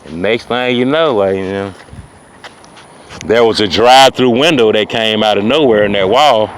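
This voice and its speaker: A man telling a rambling, boastful comic story, often turning to his listeners with "ladies and gentlemen.". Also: lowish voice, moderate pace, slight background noise. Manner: rambling, boastful, repeats "ladies and gentlemen" and "you know what I'm saying". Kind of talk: improvised comic storytelling monologue.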